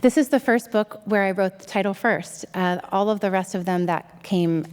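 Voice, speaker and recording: A woman's voice: medium pitch, moderate pace, darkish tone, clear, resonant tone. Bubbly woman poet on a hall stage. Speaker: poet and guest. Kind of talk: live stage interview. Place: theater stage before an audience. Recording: long hall reverb.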